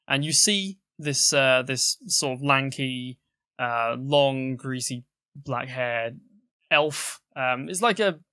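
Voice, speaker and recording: A man narrating as game master of a tabletop game, halting, with many restarts. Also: mid-range voice, bright, forceful tone, smooth, dry recording, studio quality. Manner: halting, full of fillers and restarts.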